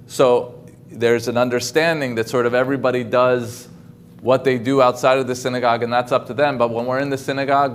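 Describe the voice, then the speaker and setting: In an informal video-call lecture, a male guest speaker talks casually, with frequent ums and restarts. His voice is mid-range, and there's slight background noise.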